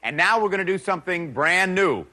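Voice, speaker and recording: Lively, high-pitched game show host. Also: male voice, brisk. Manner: animated, playful, reading clues aloud. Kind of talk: upbeat game show hosting. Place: television studio set. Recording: studio show with music and audience.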